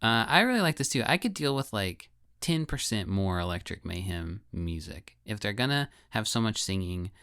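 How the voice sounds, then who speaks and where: Male podcast co-host, relaxed and agreeable, low gravelly voice, dry close mic. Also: moderate pace, no room sound. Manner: laid-back, short agreeing replies. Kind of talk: casual chat.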